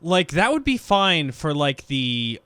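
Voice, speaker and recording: A man co-hosting a casual film podcast, animated and swearing freely. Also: fairly high pitch, slow, clear, resonant tone, no room sound. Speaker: podcast co-host.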